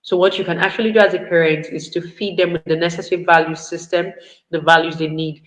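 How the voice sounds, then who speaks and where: A woman's voice: on the low side, poor audio. A woman giving a parenting talk in an earnest, instructive way, repeating key points. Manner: earnest, repetitive instructive delivery. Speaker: parenting speaker.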